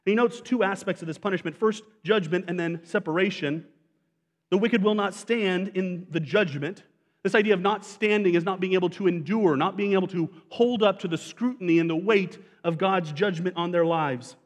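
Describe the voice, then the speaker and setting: Pastor, male, slightly higher voice, conversational sermon that puts questions to the listeners, long reverb of a church hall. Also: moderate pace. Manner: conversational preaching, asks the congregation questions.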